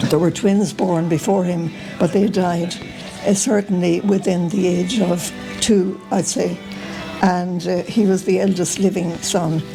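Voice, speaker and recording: An older Irish woman telling family stories to the camera in a relaxed, meandering way, often pausing with "uh" and "um". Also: on the low side, rough recording. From Ireland. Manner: meandering, full of uh and um. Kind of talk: casual storytelling to camera.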